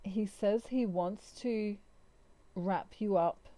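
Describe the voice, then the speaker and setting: A woman giving a spiritual tarot reading, speaking softly and emotionally, with pauses and restarts. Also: medium pitch, dry recording. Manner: slow, soft, emotional, hesitant. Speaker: tarot reader.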